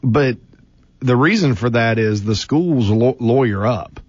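Male radio co-host, opinionated, halting, dry lo-fi broadcast. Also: mid-range voice, lively intonation, a little mellow, dry recording. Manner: opinionated, many restarts. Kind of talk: sports radio talk.

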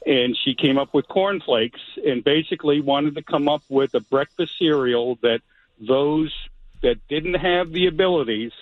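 A man calling in to a radio show, telling a story in a halting way with many fillers. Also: medium pitch, dry recording. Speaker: caller. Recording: tinny phone line.

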